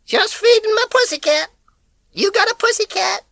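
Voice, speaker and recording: A man doing a boy's shrill fake old-lady voice. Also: vocal fry, sharp tone, no echo, full character voice. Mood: breezy. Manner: shrill, drawn-out calls. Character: boy faking an old woman's high voice.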